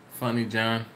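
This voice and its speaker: Casual bbq guy on a livestream reading chat, rambly and laughing a lot, middle pitch, faint background noise. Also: fairly bright tone. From Maryland, US. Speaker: barbecue channel host. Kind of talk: live stream Q&A, reading chat.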